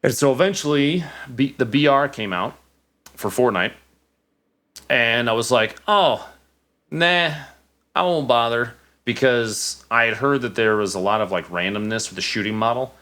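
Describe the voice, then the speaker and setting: A man in his thirties, a podcast guest telling casual stories, animated, with many restarts. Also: mid-range voice, moderate pace. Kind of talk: casual storytelling.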